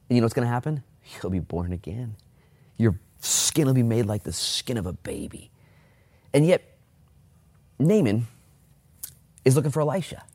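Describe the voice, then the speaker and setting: A male pastor with a fairly low, slightly rough voice gives a casual, animated sermon from his church as an online service during lockdown. He reads scripture aloud, then switches into quick, high-pitched put-on voices to act out the Bible figures in the story.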